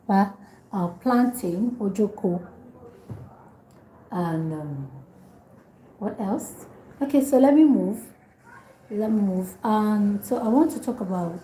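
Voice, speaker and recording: A woman's voice: medium pitch, warm tone. Woman tutoring, echoey room. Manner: repeats phrases slowly for learners, chatty asides. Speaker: language tutor. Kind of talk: casual spoken language lesson.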